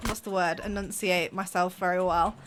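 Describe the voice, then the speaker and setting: A young woman from near Birmingham with a softened Birmingham accent, chatting fast and a bit mumbly as she co-commentates a game stream. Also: fairly low pitch, steady tone, noisy background. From England, near Birmingham. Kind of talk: casual chat over gameplay.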